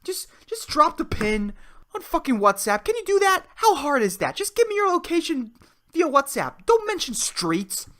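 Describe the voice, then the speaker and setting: A man in his twenties hosting a solo podcast, ranting in a profane, excitable way and peppering his talk with "dude" and "man". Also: very high voice, moderate pace. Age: 20s. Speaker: podcast host. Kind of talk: solo comedic rant.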